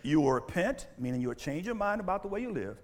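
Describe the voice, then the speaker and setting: A male pastor preaching a sermon in church on a mic, animated and full of call-and-response questions. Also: high voice, fast talker, big-room sound. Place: church sanctuary. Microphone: handheld or stand mic.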